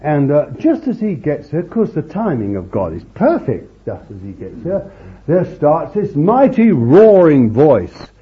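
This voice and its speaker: A man retells a Bible story as an informal sermon, chatty and homely, with plenty of asides. His pitch rises and falls with animation. The recording is dull and lo-fi. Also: huge pitch swings, measured pace. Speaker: preacher.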